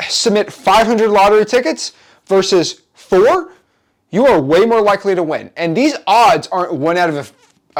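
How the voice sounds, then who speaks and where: A man teaching as a real estate wholesaling coach, with an energetic, repetitive, hyped-up motivational delivery. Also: sits high.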